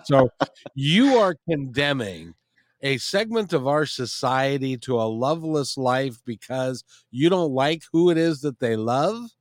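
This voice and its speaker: A man's voice: medium pitch, animated, measured pace, no room sound, studio quality. Earnest male radio talk host.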